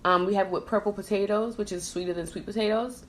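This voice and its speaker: A woman's voice: medium pitch, steady tone, fast, a little hiss or hum. Chatty Trinidad-raised woman eating on a podcast. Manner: chatty, laughs easily, talks with mouth full. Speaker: podcast host. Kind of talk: casual chat while eating.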